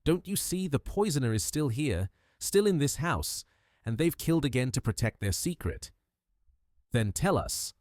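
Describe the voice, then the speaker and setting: A man voicing a shrewd, fussy Belgian detective in an audiobook, gentle but implacable, dropping French phrases. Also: mid-range voice, sing-song, normal speed, no echo, studio quality, pitched above the performer's own voice, natural voice. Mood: pressing. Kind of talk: audiobook character voice.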